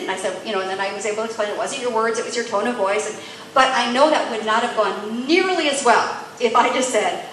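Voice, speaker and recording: Woman, high voice, animated storyteller, very echoey room. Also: fast talker. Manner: animated storytelling with acted-out dialogue and laughter. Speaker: women's ministry teacher. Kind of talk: teaching talk to women. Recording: strongly echoey room with faint noise.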